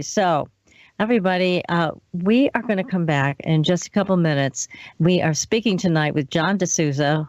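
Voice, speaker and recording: A woman's voice: fairly low pitch, a little mellow, dry recording. A woman hosts a talk radio show, reacting to her guest and announcing breaks. The recording sounds dull and lo-fi, with a dry, close feel.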